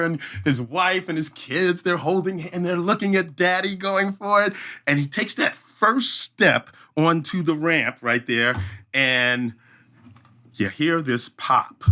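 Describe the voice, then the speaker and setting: Brief: man, podcast guest, bright, forceful voice, vivid storyteller who acts out voices and sound effects. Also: fairly high pitch, animated, unhurried. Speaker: obstacle race emcee, podcast guest. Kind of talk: animated storytelling in a podcast interview.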